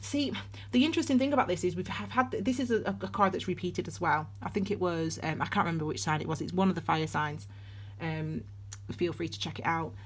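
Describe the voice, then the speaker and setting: A woman giving a casual tarot and astrology reading, rambling and chatty with many restarts, calling her viewers darlings. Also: on the low side. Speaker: tarot reader.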